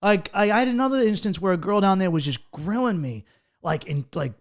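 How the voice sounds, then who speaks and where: Male podcast host, high voice, blunt, swears freely. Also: expressive, a little fast. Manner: blunt, profane anecdotes. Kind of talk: casual chat.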